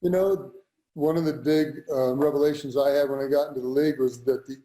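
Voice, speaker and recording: Earnest former football player, echoey room. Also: male voice, mid-range voice, steady tone, a little fast, warm tone. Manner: earnest, repeats for emphasis. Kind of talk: motivational interview talk.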